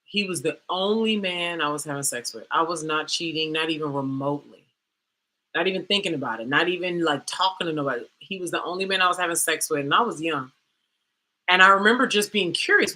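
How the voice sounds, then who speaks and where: A woman coach telling a candid personal story, animated and dramatic, with slangy asides like "girl" and "baby". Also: lowish voice. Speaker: coach and host.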